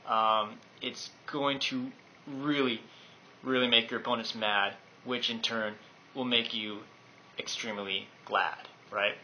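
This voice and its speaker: Bright-voiced man rambling about gameplay. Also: mid-range voice, fairly even intonation, slow, poor audio. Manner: enthusiastic, rambling with fillers. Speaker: game guide presenter. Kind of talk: casual gameplay overview.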